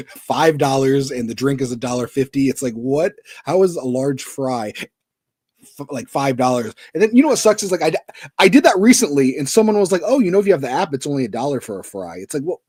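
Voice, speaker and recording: Husky-voiced man in casual chat. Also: medium pitch, expressive, a little fast, darkish tone, no room sound, clean studio sound. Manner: rambling anecdotes, incredulous quoting. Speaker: podcast co-host.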